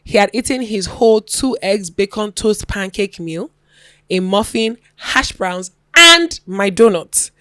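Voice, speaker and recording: Woman reading a story out on a podcast, mid pitch, dry close sound, lively, laughs while she reads. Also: measured pace, no echo. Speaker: podcast co-host. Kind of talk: casual chat, reading a story aloud.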